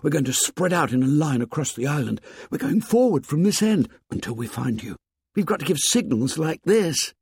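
A man voicing frightened boy twins who plead in hurried, lowered voices, in a storybook reading. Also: big pitch swings, darkish tone, breathy edge, exaggerated voice. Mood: urgent, fearful.

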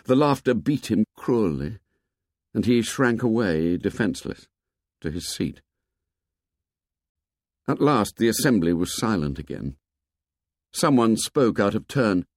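A man narrating a novel in a measured, expressive storytelling voice that grows low and soft in tense passages. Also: dry recording, clean studio sound. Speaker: audiobook narrator. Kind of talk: scripted narration.

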